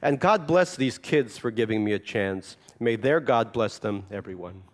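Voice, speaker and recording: A man's voice: mid-range voice, normal speed, slight background noise. A Russian-born man with Russian as his first language, an author reading from his memoir and then chatting about it with dry, self-mocking humor.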